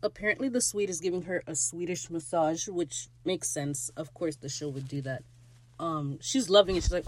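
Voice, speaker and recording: A podcast host recapping an episode in a casual solo rant, excitable and gushing, swearing freely and swinging between loud squeals and low asides. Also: moderate pace.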